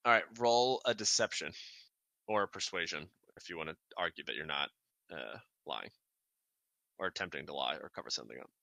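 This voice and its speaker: A man's voice: extremely low pitch, a little fast, vocal fry, pushed and bright, dry recording. A man running a tabletop game as game master, narrating in a loose, rambling way. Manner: loose and rambling, lots of restarts.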